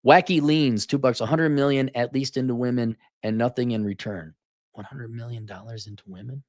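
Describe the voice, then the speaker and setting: A middle-aged streamer reads out donations from viewers and fires back with blunt, profane sarcasm, frequently slipping into mocking impressions. He speaks a little fast at medium pitch, with a fairly even intonation and darkish tone. His studio mic sits in a soundproofed home room, so there's no room sound and the audio is clean.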